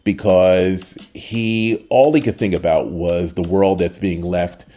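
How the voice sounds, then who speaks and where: An older man hosting a short podcast, telling a personal story in a casual, lively way and acting out the people he quotes. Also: low-pitched, slow pace. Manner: animated, acts out quoted voices, trails off at the end. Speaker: podcast host.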